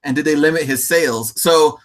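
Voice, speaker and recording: A man hosting a casual livestream, relaxed and full of fillers, laughing easily. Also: on the high side, brisk. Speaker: livestream host.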